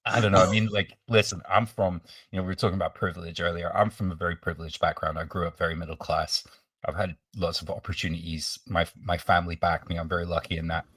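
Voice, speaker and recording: A man who is a podcast guest, talking in a relaxed, musing way full of fillers. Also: deep voice, fast, no echo, recorded from a distance. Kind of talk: casual podcast chat.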